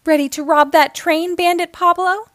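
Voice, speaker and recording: A woman doing a high, shouty female bandit. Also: steady tone, moderate pace, no room sound, clean studio sound. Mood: excited. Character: bold female bandit with a rope.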